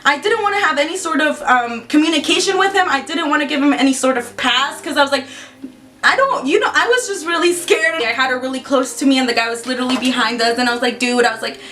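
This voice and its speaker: A young woman vlogger excitedly retelling a scary story, swearing freely and acting out the lines of the people in it. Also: high-pitched, fast, hardly any pauses. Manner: excitable, swears a lot, quotes herself and others in acted voices. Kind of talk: storytime vlog, casual retelling.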